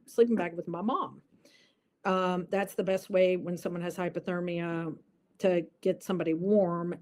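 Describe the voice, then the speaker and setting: A woman's voice: on the low side, a little mellow. A woman guest in an interview, telling a personal story earnestly and vividly, with many fillers.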